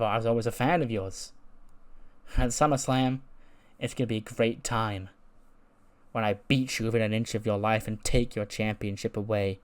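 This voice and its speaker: A man voicing an arrogant woman wrestler delivering a grandiose, menacing promo at a measured pace. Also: medium pitch, natural voice.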